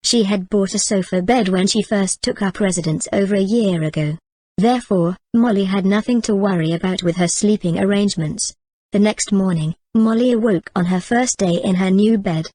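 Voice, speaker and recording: A woman's voice: mid-range voice, normal speed, mellow, dry recording. Woman narrating a storybook, dry close sound. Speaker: audiobook narrator.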